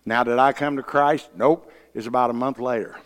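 A man's voice: medium pitch, fairly even intonation, normal speed. Folksy, blunt male preacher telling stories from the pulpit; long church reverb. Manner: folksy storyteller, blunt, rising to loud emphasis. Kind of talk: sermon with personal testimony. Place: church sanctuary.

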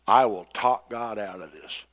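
A man preaching a sermon, retelling scripture with dramatic quoted voices. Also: unhurried. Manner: dramatic, acts out quoted voices with rising pitch and loudness.

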